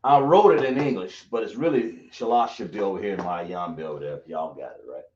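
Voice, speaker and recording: A man's voice: deep voice, animated, a little fast, darkish tone. A man teaching a Hebrew class, quizzing his students and often correcting himself. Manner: drawling, self-correcting, asks the class questions. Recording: echoey, dull lo-fi room recording.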